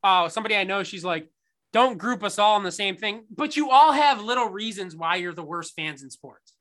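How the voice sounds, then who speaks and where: A man's voice: high-pitched, animated, brisk, sharp tone. A man in his thirties co-hosting a podcast, ranting sarcastically and swearing through casual sports chat. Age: 30s. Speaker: podcast co-host.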